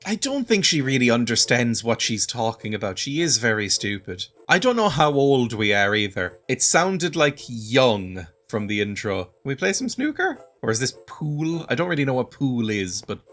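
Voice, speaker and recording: A man's voice: mid-range voice, big pitch swings, moderate pace, hardly any pauses, a bit bright, faint music behind. A young man giving dry, self-deprecating comedic commentary while playing a video game. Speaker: gaming video host. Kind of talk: comedic let's play commentary.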